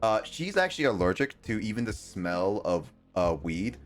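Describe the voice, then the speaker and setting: Halting young man with a lowish voice. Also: big pitch swings, soft background music. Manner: halting, full of ums and restarts. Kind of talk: casual chat.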